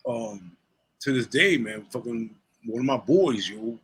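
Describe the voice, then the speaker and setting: A man's voice: medium pitch, a little slow, husky, poor audio. A man in his forties, a rapper and DJ, telling stories in a casual interview, swearing freely and laughing between lines. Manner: profane, animated storyteller who laughs between lines.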